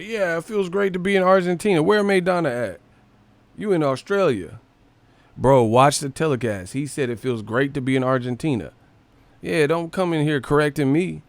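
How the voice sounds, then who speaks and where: A man's voice: fairly high pitch, dry recording. Profane ranting male live-streamer. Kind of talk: casual live-stream boxing commentary.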